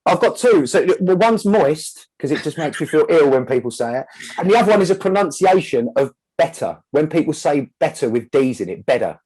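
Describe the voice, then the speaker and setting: A man's voice: on the high side, sing-song, fairly quick, a little mellow, slightly rough, rough recording. A man, a singer guest on a podcast, talking in a laid-back way, laughing easily and calling the host mate. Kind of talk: casual interview chat.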